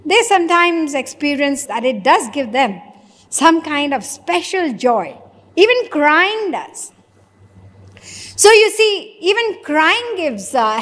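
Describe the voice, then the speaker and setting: A woman's voice: high voice, fairly bright tone. A woman with an Indian English accent giving a spiritual discourse, asking her listeners questions and acting out both sides of small dialogues. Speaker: spiritual teacher. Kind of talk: religious discourse. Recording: long hall reverb.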